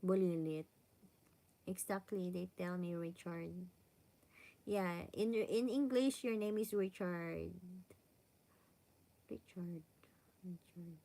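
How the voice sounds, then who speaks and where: A woman with a Filipino accent chats casually with her live viewers, rambling from one thought to the next and slipping Tagalog and Spanish words into her English. She talks at an unhurried, slow pace. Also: lowish voice, dark tone. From Philippines. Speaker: vlogger chatting with live viewers. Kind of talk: casual live-stream chat.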